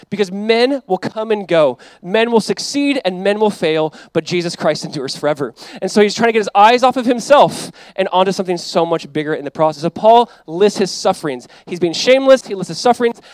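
A man in his thirties preaching a sermon as pastor, animated and emphatic, acting out quoted voices. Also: high-pitched, no room sound.

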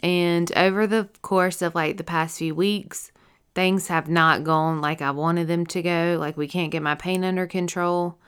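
Emotional young woman with a smooth voice. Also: fairly low pitch, steady tone, fairly bright tone. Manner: emotional, halting, with many fillers and restarts. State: teary and yawning. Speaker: stroke survivor sharing her story. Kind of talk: personal testimony.

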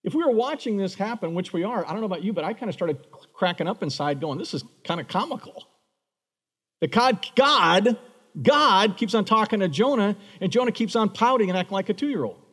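Echoing through a large hall with long reverb, a pastor's somewhat high voice carries his sermon. He brings the story to life with animation, performing the voices of its Bible characters.

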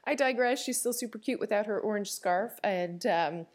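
A woman's voice: mid-range voice, moderate pace. A woman in her thirties with a Newfoundland accent, hosting a reflective personal podcast in a candid, chatty way, laughing often and restarting her sentences. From Newfoundland, Canada. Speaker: podcast host.

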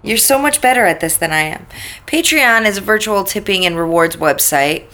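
A woman's voice: mid-range voice, animated, normal speed, bright, forceful tone. A woman co-hosting a podcast in a casual chat, giggly and self-deprecating as she reads out thanks. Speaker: podcast co-host.

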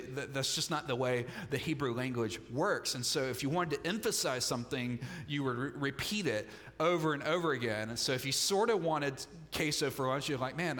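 A man's voice: fairly high pitch, a bit bright, big-room sound. A man preaching a sermon in a conversational style, with humorous asides, in a church. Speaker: pastor. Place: church sanctuary.

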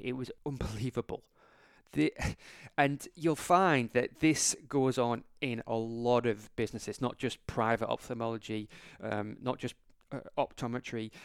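A man tells a story on his podcast in a casual, animated way, stumbling and restarting as he goes. His voice is smooth and resonant, recorded dry and close with no room sound. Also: medium pitch, no echo. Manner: chatty, animated anecdote with frequent restarts. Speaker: podcast host and optometrist.

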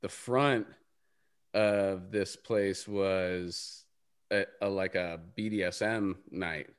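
A man with a fairly low voice hosts a casual talk. He rambles through his story with plenty of fillers and the odd curse word, never in a hurry to land the point. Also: steady tone, slow, clear, resonant tone. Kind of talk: casual chat.

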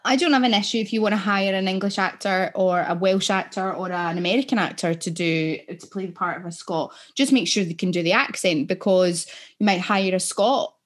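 A woman's voice: medium pitch, moderate pace. A woman from Scotland co-hosting a podcast, blunt, opinionated and sweary in casual chat. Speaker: podcast co-host.

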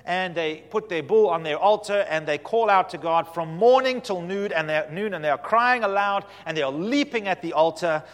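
A man preaching with lively storytelling, his voice sitting a little high for a man. It moves between loud declarations and quiet asides, and a long hall reverb trails every phrase. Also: moderate pace, hardly any pauses. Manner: animated storytelling, swinging from loud to hushed. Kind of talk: sermon.

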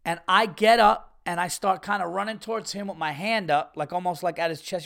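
A man's voice: sits high, fairly even intonation, a little fast, vocal fry, hardly any pauses, a bit bright. A man hosting a podcast, telling a rambling, profane story in a casual way and laughing at his own tale. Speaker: podcast host.

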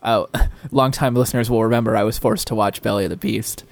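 A man's voice: on the low side, steady tone, fairly quick, gravelly, no echo. A man co-hosting a podcast in casual chat, eager and rambling with chuckling asides. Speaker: podcast co-host.

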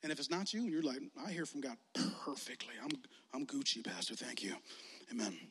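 A young man preaching as a youth pastor in a casual, animated way, acting out quoted voices as he leads an altar call. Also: medium pitch, a little fast, husky. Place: large hall with audience. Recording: long hall reverb.

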